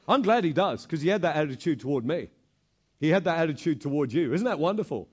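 High-voiced man preaching. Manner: animated storytelling, repeats words. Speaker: pastor. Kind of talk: sermon.

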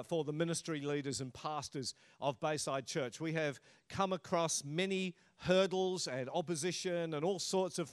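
A middle-aged man pastor giving a sermon in a conversational, humorous preaching manner. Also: fairly high pitch.

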